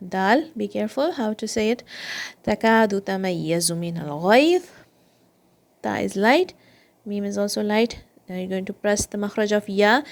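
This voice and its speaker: A woman teaching children Quran recitation and tajweed, patiently explaining meanings and repeating each word slowly. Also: mid-range voice, vocal fry.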